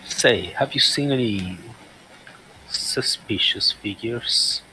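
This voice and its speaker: A man playing a tabletop game, speaking slowly and measured in character as an inspector. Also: fairly low pitch, sharp tone, slight background noise, rough recording. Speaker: player.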